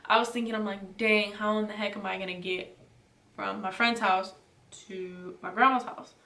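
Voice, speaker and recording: A young woman tells a storytime in a loose, chatty way, full of filler words. Her voice sits at an ordinary pitch for a woman. The recording has a roomy echo and she sounds set back from the mic. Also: steady tone, normal speed, vocal fry, sharp tone, far from the mic. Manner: chatty, filler-heavy retelling with lots of "like" and "you know". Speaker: vlogger. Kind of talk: casual storytime.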